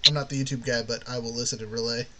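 Male podcast host, bright voice, rambling casual teacher. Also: mid-range voice, flat delivery, very fast. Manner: rambling, frequent "you know what I mean".

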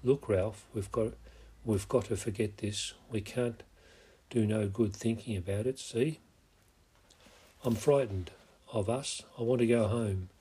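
A man voicing a shaken boy leader who speaks low and stricken. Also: measured pace, dark tone, husky. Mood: frightened.

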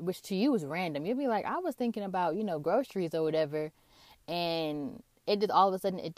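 A woman's voice: fairly low pitch, a little mellow, dry recording. A woman talking earnestly about prayer and hearing God, rambling with restarts and fillers. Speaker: Christian vlogger. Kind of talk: casual faith talk to camera.

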